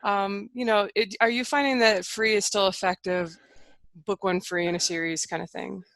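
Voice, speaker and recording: A conversational woman podcast host with a mid-pitched voice, easing into her questions with casual fillers. Her sound is close and dry. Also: fairly even intonation, moderate pace, fairly bright tone, no room sound.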